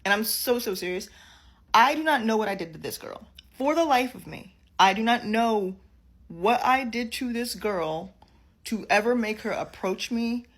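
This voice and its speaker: A woman's voice: a little high, animated, normal speed. A woman in a clip telling a story casually, chatty and repeating phrases for emphasis.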